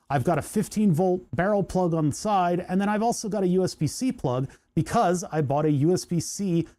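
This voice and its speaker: Man hosting his own hobby channel, casual workbench talk that wanders with dry sarcastic asides; mellow tone, sits a little high. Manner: rambling, sarcastic asides, lots of restarts. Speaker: electronics hobby channel host. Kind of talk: casual workbench chat to camera.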